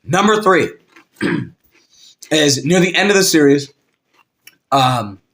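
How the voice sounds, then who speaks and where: A man with a noticeably high voice, talking in a casual podcast debate. He rambles along, full of "like" fillers, building up his point with animated retellings. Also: takes it slowly. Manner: animated, rambling, heavy use of "like". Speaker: podcast co-host.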